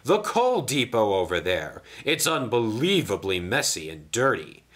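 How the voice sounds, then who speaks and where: A man's voice: lowish voice, very animated, unhurried, a bit bright. A man voicing a grumpy, pompous big express engine who splutters indignantly in a storybook reading.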